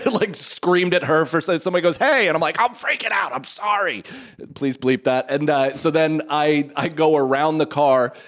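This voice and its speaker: Animated man in his thirties telling a story. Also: on the high side, moderate pace. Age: 30s. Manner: animated storytelling, swearing, acting out quoted voices. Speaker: podcast co-host. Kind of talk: casual chat.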